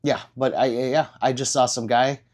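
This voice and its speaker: A man hosting a casual livestream and answering viewer comments in a blunt, profane and excitable way, with sudden loud outbursts. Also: medium pitch, moderate pace. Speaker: livestream host.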